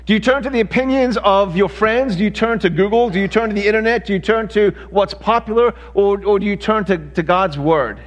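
A man's voice: high-pitched, brisk, few pauses, big-room sound. A male pastor preaching a sermon, emphatic, with repeated words as he speeds up.

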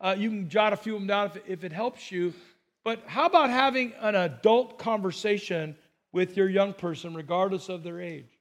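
High-voiced older man preaching a sermon. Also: normal speed. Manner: conversational storytelling with self-deprecating humor. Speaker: pastor.

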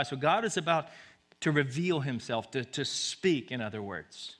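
A man preaching a sermon, swinging from loud exhortation to hushed, near-whispered lines and repeating short urgent phrases. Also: fairly high pitch, lively intonation, a little slow. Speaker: pastor.

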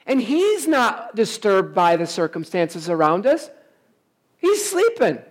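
A man's voice: high-pitched, big pitch swings, a little slow. Male pastor, emphatic sermon delivery, full of rhetorical questions to the congregation. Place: church service, also streamed online.

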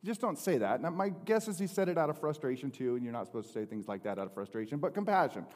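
A man's voice: medium pitch, fast talker. Middle-aged guy preaching, tells stories, voice jumps around a lot, big hall echo. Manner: storytelling, animated with many restarts. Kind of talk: sermon. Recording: long hall reverb.

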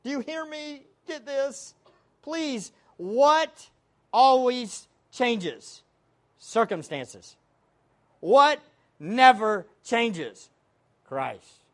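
A woman's voice: on the high side, animated, very slow, long pauses. A woman preaching a sermon in an emphatic way, asking the congregation questions and answering them herself.

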